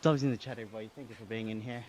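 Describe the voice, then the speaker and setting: A man's voice: fairly low pitch, steady tone, racing. Aussie guy streaming on a bike trainer, reads chat, thanks everyone, bit of hiss behind. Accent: Australian. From Australia. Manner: reads chat aloud and thanks viewers, breathy from exertion. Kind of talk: casual live-stream chat while cycling.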